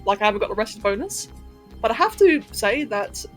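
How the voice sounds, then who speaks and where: A woman from England with a posh London accent, softened by a little Californian, chatting casually and laughing with her chat during a gaming livestream. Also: a little high, sing-song, fairly quick, faint music behind. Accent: posh London English, slightly Californian-tinged. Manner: chatty, giggly, answers chat while playing.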